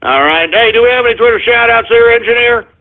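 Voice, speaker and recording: A man hosting a talk radio show, ranting in a profane, exasperated way and breaking into sudden shouts. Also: very high-pitched, fast, vocal fry. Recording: tinny phone-line sound.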